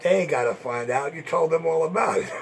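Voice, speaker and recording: A man's voice: fairly high pitch, gravelly. A man hosting an internet radio show, taunting and boasting in a profane monologue.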